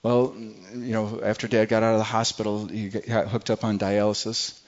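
A middle-aged man preaching a personal testimony in a church, his voice set somewhat low. He tells it earnestly, stumbling and restarting as he goes, and the recording sounds dull and lo-fi. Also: little pitch movement. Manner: earnest, halting storytelling with many restarts. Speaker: pastor.

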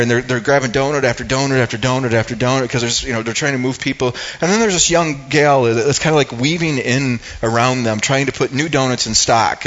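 A man's voice: medium pitch, fairly bright tone, lo-fi sound. Older man telling a rambling sermon story. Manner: rambling and conversational, with many restarts and asides. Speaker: speaker giving a devotional talk.

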